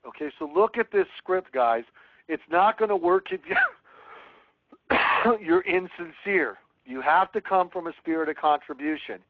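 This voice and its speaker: A man's voice: a little high, lively intonation, a little slow, dry recording. A man teaching a real estate sales webinar, coaching earnestly and reading sample phone scripts aloud. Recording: tinny phone-like line.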